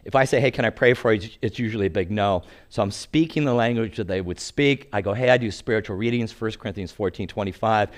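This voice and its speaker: A man in his sixties, a pastor, telling humorous stories in a lively sermon. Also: lowish voice, quick pace, hardly any pauses. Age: 60s. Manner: humorous, animated storyteller. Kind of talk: sermon with storytelling.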